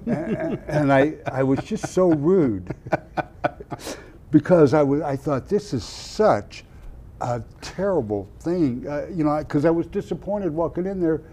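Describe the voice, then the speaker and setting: An older former football player from Oklahoma tells animated stories in an interview, often laughing at himself. His voice has a fairly high pitch, and he speaks at a measured pace.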